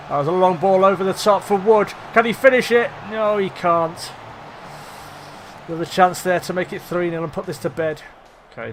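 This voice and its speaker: A high-voiced young man talks through his game in a casual, chatty way. He gets excitable at the big moments, swears at the misses and laughs at his own slips. Faint music runs quietly behind him. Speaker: gaming commentator. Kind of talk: let's play commentary.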